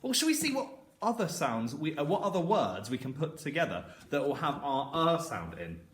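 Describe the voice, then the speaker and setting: A man teaching a phonics lesson to young children, slowly sounding out words and encouraging them. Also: a little high, big pitch swings, roomy sound, a little hiss or hum. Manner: slow, sounding out words letter by letter. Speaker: primary school teacher.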